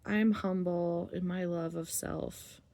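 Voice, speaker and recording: Slow, gravelly-voiced woman musing candidly. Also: fairly low pitch, fairly even intonation, mellow. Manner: candid and rambling, swears freely, laughs often. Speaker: vlogger. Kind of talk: casual relationship monologue.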